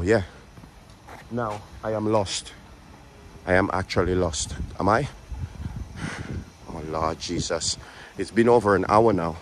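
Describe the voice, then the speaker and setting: This walking vlog features a man with a deep voice and a Birmingham accent chatting to camera on city streets, the recording carrying a little hiss or hum. Out of breath, he cracks jokes and repeats phrases.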